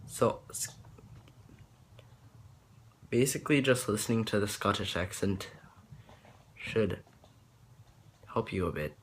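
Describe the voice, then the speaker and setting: A young man rambles through a casual tutorial, hesitating and restarting often. His voice sits on the low side. A faint hiss of noise runs behind him. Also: slow, pauses often. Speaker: vlogger.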